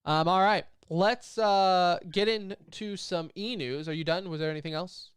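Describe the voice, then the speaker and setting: An esports podcast co-host runs through news items in a loose, joking way during casual chat. His voice sits high and sounds smooth and unhurried, recorded dry with clean studio sound.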